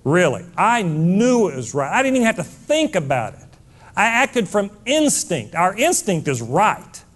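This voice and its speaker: Middle-aged male speaker, emphatic live talk, pitch on the high side, very animated delivery. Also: measured pace. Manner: emphatic, preachy, rising to near-shouts. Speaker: motivational speaker.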